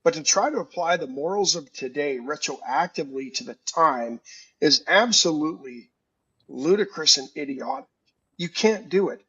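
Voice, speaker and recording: A man's voice: a little high, animated, normal speed, pushed and bright, husky, dull audio. A man co-hosting a call-in talk show, blunt and emphatic, often repeating words as he starts a thought. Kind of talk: casual political call-in talk.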